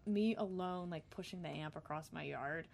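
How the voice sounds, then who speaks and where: A woman's voice: low-pitched, moderate pace, gravelly, darkish tone, slight background noise. Chatty self-deprecating woman musician. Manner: chatty, self-deprecating, sings short jingles. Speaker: singer-songwriter guest. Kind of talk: casual chat.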